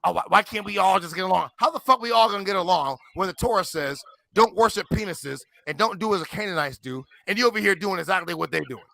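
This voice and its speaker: A man in his forties argues hard on a livestream panel, boasting and cursing. His voice sits high and has a sharp, bright edge with some gravel in it. The sound is dry and close. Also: fast talker, no room sound. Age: 40s. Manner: emphatic, profane, combative boasting. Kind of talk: heated livestream chat.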